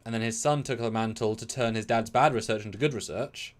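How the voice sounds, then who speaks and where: A man co-hosting a live discussion stream, talking in an excitable, rambling way with sudden high bursts. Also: fairly quick. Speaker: co-host of a live discussion show. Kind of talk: casual live-stream chat.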